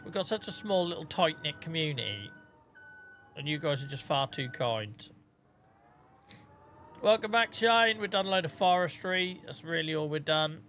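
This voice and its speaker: A man streaming a farming game and chatting away to his viewers, thanking them by name and swearing freely. His voice is bright and pitched a little high. A faint hiss sits behind him. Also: lively intonation, normal speed. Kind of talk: casual live-stream chat.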